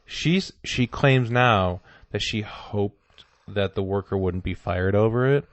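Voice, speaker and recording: A man's voice: fairly low pitch, slow, no echo, highs cut off. A man hosting a comedy podcast, telling a rambling, joking story full of "like". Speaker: podcast host. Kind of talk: casual comedy chat.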